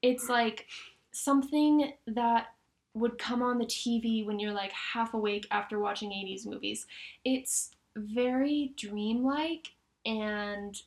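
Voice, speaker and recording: Young woman, podcast co-host, casual chat, slightly high-pitched, lots of "like". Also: steady tone, slow. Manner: chatty, many "like" fillers, enthusiastic.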